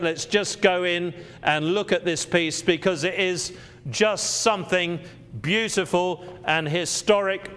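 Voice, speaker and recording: A man's voice: high voice, a bit bright, clean tone. A man working as an auctioneer on a live stream, selling with persuasive patter and repeating the key points to his bidders.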